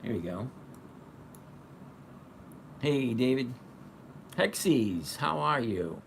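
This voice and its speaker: Gravelly-voiced man hosting a live stream. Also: mid-range voice, animated, slow, pauses often, a little hiss or hum. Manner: chatty, greets viewers by name. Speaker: livestream host. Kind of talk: casual live-stream chat.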